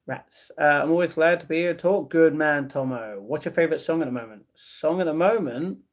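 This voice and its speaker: A man's voice: fairly high pitch, brisk. Man chatting on a livestream. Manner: reads viewer comments aloud and answers them with easygoing replies. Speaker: livestream host. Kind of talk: casual livestream chat.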